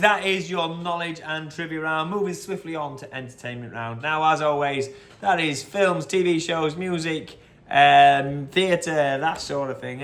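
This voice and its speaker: A man's voice: a little high, fairly bright tone. Chatty man hosting a quiz. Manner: chatty, repeats each question, wanders into anecdotes. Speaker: quiz host. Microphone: phone.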